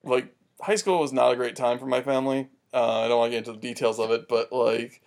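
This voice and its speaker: A man's voice: medium pitch, steady tone, fast talker, creaky, darkish tone. A man on a casual podcast, talking hesitantly with lots of fillers. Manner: hesitant, many fillers, wry laughs. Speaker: podcast co-host. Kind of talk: casual chat.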